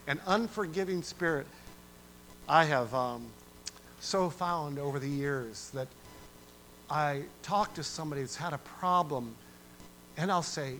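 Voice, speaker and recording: A man preaching a sermon as pastor, animated and conversational, acting out quoted voices and singing a verse. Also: on the high side, a little hiss or hum, poor audio.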